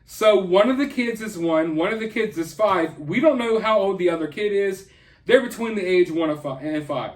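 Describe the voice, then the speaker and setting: High-ish voiced guy doing an angry commentary vlog, mocking and emphatic. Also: lively intonation, moderate pace. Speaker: commentary channel host.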